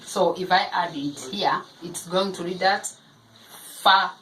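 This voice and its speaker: A woman teaching phonics, sounding out syllables slowly and repeating each one for parents of young children. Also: lowish voice, a bit bright, a little hiss or hum, poor audio. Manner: slow, deliberate, repeating each syllable aloud.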